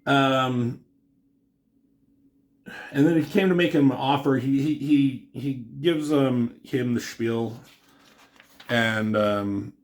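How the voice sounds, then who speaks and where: Male comic reviewer, mid-pitch, loose filler-heavy recap. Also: slow pace, long pauses. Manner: rambling, filler-heavy, paraphrasing dialogue.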